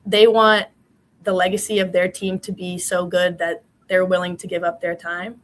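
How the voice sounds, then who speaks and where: Chatty young woman, lowish voice. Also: flat delivery, moderate pace, fairly bright tone, poor audio. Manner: chatty, many "you know" fillers. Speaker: guest, former college swimmer. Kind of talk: casual interview answers.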